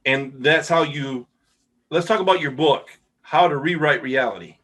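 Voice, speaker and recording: A man's voice: a little high, normal speed, a bit bright. A middle-aged man hosting a podcast, chatting casually and reacting with enthusiastic wows. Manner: enthusiastic, repeats "wow". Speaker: podcast host. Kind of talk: casual interview chat.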